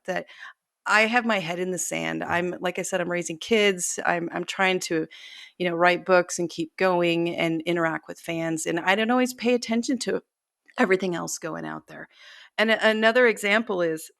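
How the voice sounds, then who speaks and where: A woman's voice: lowish voice, moderate pace, creaky, a bit bright, dry recording, clean studio sound. A middle-aged woman author telling stories in a casual interview, chatty and self-deprecating, laughing often. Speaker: author guest.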